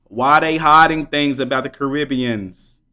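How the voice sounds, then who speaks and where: A man's voice: mid-range voice, measured pace, bright, forceful tone, smooth. A man livestreaming, talking fervently and preachily straight to his viewers in slangy speech that repeats points for emphasis. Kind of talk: live stream commentary.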